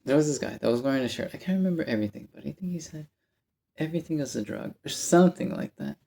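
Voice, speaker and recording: A man's voice: on the high side, fast talker, creaky, slight background noise. A man telling a rambling story to camera in a casual vlog, often stopping to correct himself. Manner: rambling, animated, self-interrupting. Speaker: vlogger.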